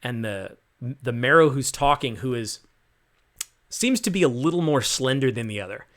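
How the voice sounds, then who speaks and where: A male game master narrates a tabletop session in a relaxed, conversational voice of middling pitch. He paints cinematic scenes and scatters casual fillers through them. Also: normal speed.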